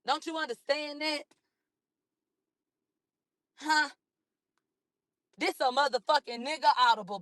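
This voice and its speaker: A hoarse woman from a cold, ranting combatively and profanely at critics on a livestream, repeating herself. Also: sits high, moderate pace, pauses often, fairly bright tone, no room sound, studio quality. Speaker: livestream host. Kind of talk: heated livestream rant.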